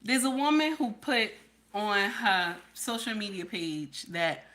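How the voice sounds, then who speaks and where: A woman's voice: medium pitch, bright, forceful tone. A woman hosting a livestream, talking bluntly to her chat and often checking in with "okay?". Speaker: livestream host. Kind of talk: candid livestream talk to chat.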